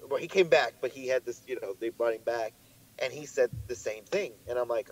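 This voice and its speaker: A young man co-hosting a podcast, telling a story in a lively way and swearing often, his voice jumping up when he gets worked up. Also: mid-range voice, brisk, poor audio. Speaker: podcast co-host. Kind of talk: casual chat.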